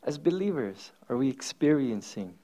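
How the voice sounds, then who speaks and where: A male pastor preaching a sermon at a church service, telling stories with swings between loud exclamations and hushed asides. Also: mid-range voice, big pitch swings, moderate pace.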